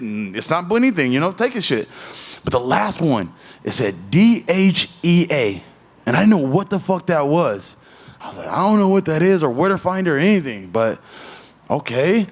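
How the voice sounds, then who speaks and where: A middle-aged man at a media scrum, telling a story in a loose, profane, animated way. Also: mid-range voice. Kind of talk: casual storytelling interview.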